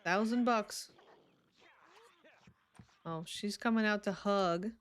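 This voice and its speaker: A woman's voice: mid-range voice, takes it slowly, smooth. A young woman streaming a life-sim game, chatting casually and giggling as she talks to her characters, sleepy and yawning. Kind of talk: casual live game commentary.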